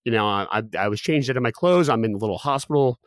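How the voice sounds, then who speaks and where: A man's voice: medium pitch, lively intonation, fast, clean tone, no room sound, clean studio sound. A young man telling a personal story as a guest, candid and full of fillers and restarts.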